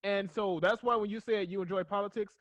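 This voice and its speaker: A man's voice: high-pitched, fairly even intonation, fairly quick, no room sound, low-quality recording. A man, a guidance counselor, giving earnest advice in a casual podcast conversation. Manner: earnest, advising tone.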